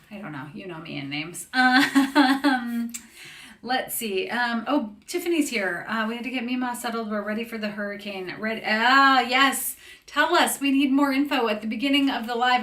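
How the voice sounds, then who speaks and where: A woman's voice: on the high side, fairly bright tone, echoey room. A woman author hosting a casual live book chat, chatting with viewers by name, laughing often and reading back-cover copy aloud.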